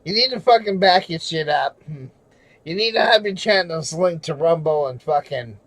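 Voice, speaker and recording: Furious high-voiced man ranting on a livestream. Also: moderate pace, no room sound, poor audio. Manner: furious, profane, shouting. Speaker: livestreamer and auditor. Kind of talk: angry livestream rant.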